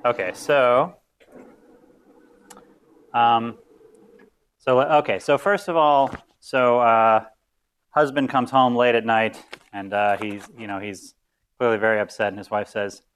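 A man's voice: medium pitch, steady tone, takes it slowly, pauses often, fairly bright tone, clean tone. A man giving a live lecture on stage, chatty and self-deprecating, with many fillers.

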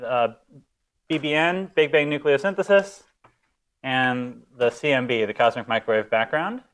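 Male lecturer, smooth clear voice, rambly, lots of uhs, self-deprecating. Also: medium pitch, normal speed, a bit bright. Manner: chatty, self-deprecating, many fillers. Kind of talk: live university lecture. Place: lecture hall stage.

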